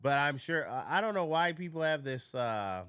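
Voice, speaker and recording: A man's voice: fairly high pitch, animated, normal speed, sharp tone, clean tone, dry recording, studio quality. A man chatting casually on a live stream, rambling through stories, swearing freely and answering his chat.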